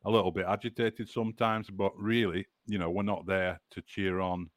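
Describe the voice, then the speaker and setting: Man, northern English accent, low voice, dry sound, casual football chat. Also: flat delivery, normal speed, no echo. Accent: northern English, Burnley. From Burnley area, northern England. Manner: chatty, restarts words often. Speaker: podcast host.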